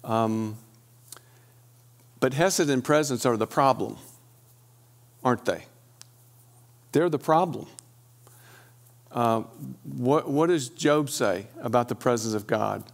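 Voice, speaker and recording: Middle-aged male church teacher; gravelly, conversational delivery with frequent pauses. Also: mid-range voice. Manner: conversational, pauses with fillers and restarts.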